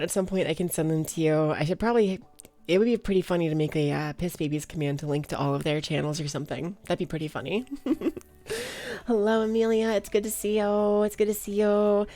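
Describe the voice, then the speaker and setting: A woman's voice: on the low side, mellow, no echo. A young woman with a slight Valley Girl accent, chatting casually with her live stream viewers, bubbly and giggly as she greets them by name.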